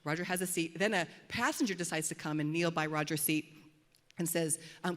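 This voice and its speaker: A middle-aged woman pastor preaching a sermon in a church auditorium, telling a story with animated, dramatic delivery. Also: fairly low pitch, brisk. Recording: long hall reverb.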